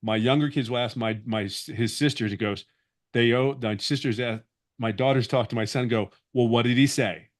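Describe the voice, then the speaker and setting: Man in his fifties, mid-pitched, earnest rambling testimonial for a webinar. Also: steady tone, normal speed. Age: 50s. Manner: earnest, rambling, with many restarts. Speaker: webinar guest sharing his story.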